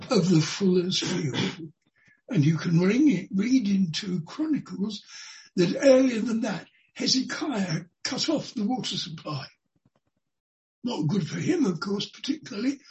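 A preacher giving an expository sermon in a deliberate way, repeating key phrases for emphasis. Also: mid-range voice, darkish tone, muffled recording. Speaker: Bible teacher.

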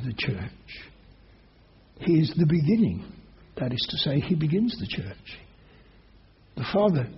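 A man's voice: a little high, lo-fi sound. A man preaching a sermon as pastor, earnest and emphatic, pressing his listeners with rising questions.

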